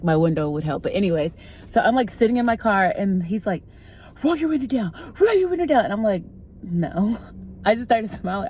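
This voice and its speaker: A woman's voice: on the low side, warm tone, slight background noise. A woman in her thirties from the American Midwest, chatting to camera in a vlog and telling a story with lots of "like" fillers. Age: 30s. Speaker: vlogger. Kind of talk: casual chat to camera.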